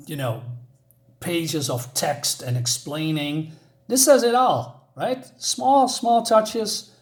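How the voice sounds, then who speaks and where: A man giving a casual spoken comic review, hesitant with many restarts and enthusiastic asides. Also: medium pitch.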